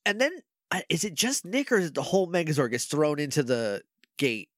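A man chatting on a podcast with a lively, swooping voice that leaps up when he gets excited. He jokes constantly and acts out scenes in goofy voices. The recording is close and dry, with no room sound. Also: fairly high pitch, fairly quick, no room sound. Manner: animated, jokey, acts out scenes in silly voices. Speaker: podcast co-host. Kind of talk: casual recap chat.

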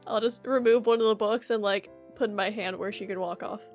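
A woman's voice: medium pitch, fairly even intonation, a little fast. A woman playing a tabletop role-playing game, who talks through her character's moves. She speaks casually and sometimes hesitates or restarts. Faint music plays under her voice. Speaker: player. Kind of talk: tabletop role-play, declaring actions.

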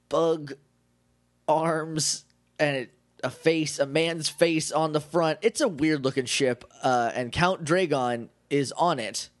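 A man co-hosting a podcast, recapping an episode in casual chat with jokes and quick impressions. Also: fairly high pitch. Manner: jokey, animated retelling with quick bits of mimicry. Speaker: podcast co-host.

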